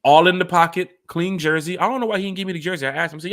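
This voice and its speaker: A man's voice: sits high, racing. A man hosting a sports fan podcast in casual, rambling talk aimed at his co-host. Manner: animated, rambling, talks straight to his co-host.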